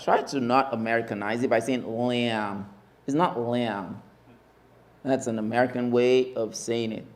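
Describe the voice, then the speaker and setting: A man teaching Arabic letters in a mosque class, slowly drilling each sound and repeating the spelling emphatically. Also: medium pitch, steady tone, slight background noise. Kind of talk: classroom lesson.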